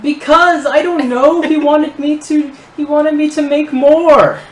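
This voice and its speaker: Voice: medium pitch, slow, a little mellow, voice pushed up, natural voice. A woman voicing a stammering old gnome inventor. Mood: panicked pleading. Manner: pleading, stammering, near tears. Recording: roomy echo.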